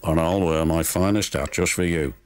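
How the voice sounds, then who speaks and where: A man's voice: sits low, steady tone, moderate pace, pitched below the performer's own voice, close to an everyday voice. A man voicing a fussy, flustered railway boss. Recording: studio narration with music behind.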